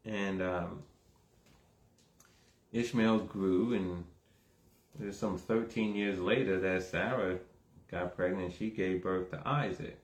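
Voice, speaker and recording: Preacher with an echoing voice, building up. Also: male voice, slow, long pauses. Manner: builds from low talk to emphatic, raised exhortation; repeats words, asks the audience "right?". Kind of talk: conversational sermon.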